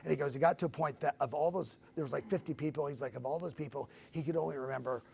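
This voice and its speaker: A middle-aged man telling a story in a casual chat, animated, acting out the dialogue. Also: on the high side, fast, gravelly, a little hiss or hum.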